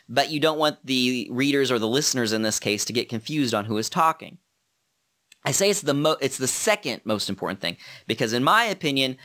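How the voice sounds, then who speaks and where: A man explains his approach to audiobook narration in a relaxed how-to talk. His voice is bright and forward, and his delivery is earnest and unassuming, as if he is working things out while he speaks. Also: mid-range voice. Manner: earnest and modest, thinking aloud.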